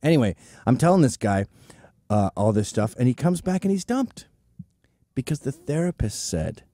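A man's voice: medium pitch, big pitch swings, moderate pace, dark tone, no echo. A man in his forties hosting a show, delivering a profane, sarcastic comedic rant. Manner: profane, sarcastic, acts out quoted voices. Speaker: show host.

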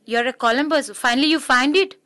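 A woman's voice: high voice, a little fast, a bit bright, no echo, studio quality. A woman dubbing a proud, tomboyish young woman in a film drama, talking in a reproachful, sarcastic way. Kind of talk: English dub of a film drama.

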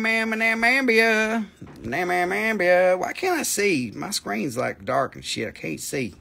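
A man hosting a live crystal sales stream, joking loudly, swearing and rambling between prices. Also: sits high, gravelly. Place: shop or home stream setup.

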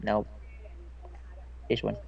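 A man's voice: extremely slow, a little mellow, recorded from a distance. Cocky young guy on lo-fi audio. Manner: cocky, wisecracking. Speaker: player. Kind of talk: casual gaming chat. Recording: lo-fi voice call audio.

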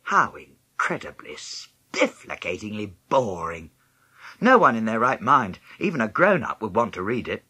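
Guy reading a kids' book out loud, pitch bouncing all over, bright and a bit breathy, dry close sound. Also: unhurried, no room sound. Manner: lively storytelling, jumping high in pitch for other characters' lines. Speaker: audiobook narrator. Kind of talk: scripted first-person narration of a children's novel.

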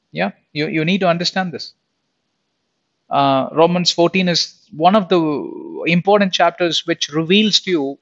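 A man's voice: on the high side, fairly bright tone, muffled recording. A middle-aged man giving an informal Bible lesson in a conversational, emphatic way, often restarting his sentences. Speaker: Bible teacher.

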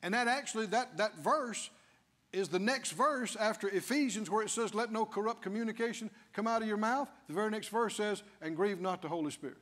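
Male pastor, very high voice, animated delivery, long church reverb. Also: a little fast. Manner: animated preaching that swings from low asides to shouted declarations. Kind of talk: sermon. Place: church sanctuary.

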